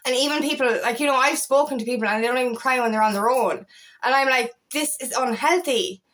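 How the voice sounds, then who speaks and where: Passionate woman coach, higher voice. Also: fairly even intonation, fast, fairly bright tone. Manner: passionate, blunt, swears freely. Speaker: feminine empowerment coach. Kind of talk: direct-to-camera talk.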